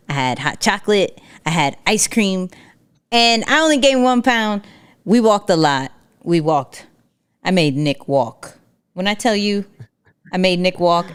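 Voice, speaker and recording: Bubbly chatty woman co-host, smooth low voice. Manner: bubbly, chatty, storytelling with quick asides. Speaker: podcast co-host. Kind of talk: casual live show chat.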